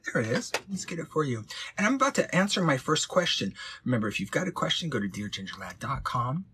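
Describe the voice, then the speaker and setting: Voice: mid-range voice, fairly bright tone, husky. A host of a live-streamed advice show, talking in a campy, playful, sassy way and calling viewers honey and babes. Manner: sassy, teasing quips.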